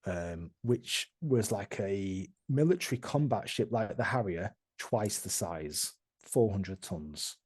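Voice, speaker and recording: Husky-voiced man recapping a tabletop game. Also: on the low side, animated, slow pace, few pauses, a little mellow. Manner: rambling, many fillers and restarts. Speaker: game master.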